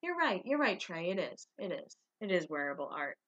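A woman's voice: on the low side, big pitch swings, a little fast, fairly bright tone, highs cut off. A tired woman chatting casually in a rambling, self-correcting way, recapping a show in one unrehearsed take. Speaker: vlogger recapping a reality show.

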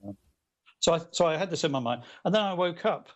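A middle-aged man who is a guest author, telling a story in casual conversation in a rambling, animated way with lots of fillers and restarts. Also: a little high, quick pace, dull audio.

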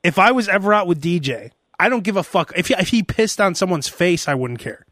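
Man, podcast host, high voice, lively swings in pitch, dry close sound, casual storytelling chat. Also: brisk, no echo. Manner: animated storyteller, often slips into mock voices.

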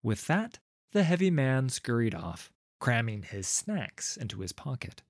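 A man reading a fantasy story aloud as narrator, in a lively, unhurried way. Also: mid-range voice, dry recording, clean studio sound.

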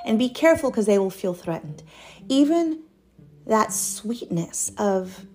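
A woman's voice: mid-range voice, big pitch swings, measured pace. A young woman giving a casual, earnest devotional Bible teaching, chatty with light laughs between points. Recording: soft guitar music behind.

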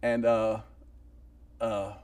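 A man hosting a casual comedy talk show, telling jokes with lively acted-out voices. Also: on the low side, very slow, smooth, far from the mic. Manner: animated joke-telling with shouted voices and laughs. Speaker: host.

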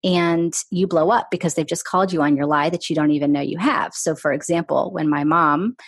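Husky low-voiced woman, earnest storyteller. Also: fairly even intonation, a little fast, no echo. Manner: earnest, candid, recounts her own past with emphasis. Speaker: author and interview guest. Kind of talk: conversational storytelling.

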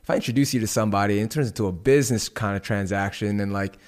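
A man's voice: fairly low pitch, very fast, darkish tone. A man in casual podcast chat, reflecting thoughtfully on his own experiences.

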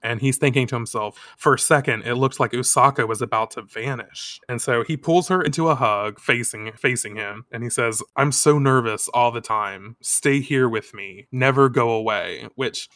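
A man's voice: medium pitch, moderate pace, few pauses, bright, forceful tone, dry recording, clean studio sound. A man co-hosting a casual podcast, retelling story scenes with sarcastic, profane asides. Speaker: podcast co-host recapping a manga.

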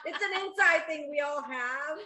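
A woman's voice: sits high, normal speed, reverberant, over a noisy crowd. A woman guest on a casual podcast call, giggly and teasing. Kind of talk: casual chat on a video call.

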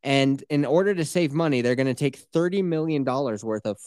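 A man's voice: medium pitch, a little fast, darkish tone, clean tone, no room sound. A man co-hosting a casual podcast, cursing freely, talking sarcastically and acting out mocking voices. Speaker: podcast co-host.

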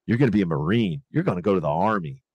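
A man's voice: deep voice, very animated, rapid-fire, darkish tone, husky, dry recording, dull audio. A man hosting a podcast, rambling casually with lots of fillers and swearing. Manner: rambling, profane, many fillers. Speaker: podcast host.

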